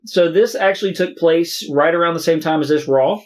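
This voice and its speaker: A man with a notably high voice, reading results aloud in a casual podcast chat. He goes line by line, stumbling over words and filling pauses as he goes. He swears freely and sounds unpolished. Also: darkish tone, a little hiss or hum. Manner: reads results in a halting way with many uh fillers and swearing.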